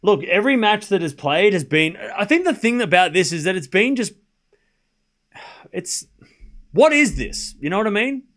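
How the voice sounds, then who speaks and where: A man hosts a live tennis watchalong, calling scores and rambling casually between them, throwing rhetorical questions and sarcastic asides to his chat. His voice is high-pitched, a bit bright, and sing-song, at normal speed with long pauses.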